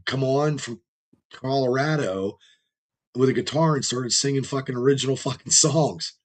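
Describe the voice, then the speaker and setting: A man with a rough, strained voice, hosting a podcast and telling long, rambling, profane stories in casual chat. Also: medium pitch, normal speed. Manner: rambling storyteller, heavy swearing. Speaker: podcast host.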